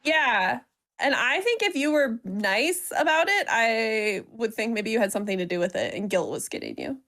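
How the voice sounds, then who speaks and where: Woman, podcast co-host, slightly high pitch, teasing and giggly. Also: sing-song, moderate pace, fairly bright tone. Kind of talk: casual chat.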